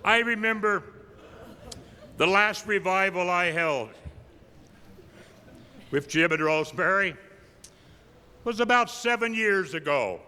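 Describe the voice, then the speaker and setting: An older man, an evangelist, tells humorous personal stories at a tribute, delivering his punchlines deadpan. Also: high voice, slow pace, pauses often, clean tone. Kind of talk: folksy storytelling tribute. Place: large camp meeting hall. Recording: live in a big reverberant hall.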